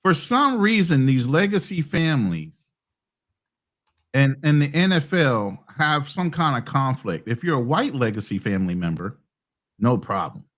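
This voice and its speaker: A man's voice: mid-range voice, very animated, measured pace. A man co-hosting a casual sports podcast over a call, giving his views emphatically. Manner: opinionated, emphatic. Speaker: podcast co-host.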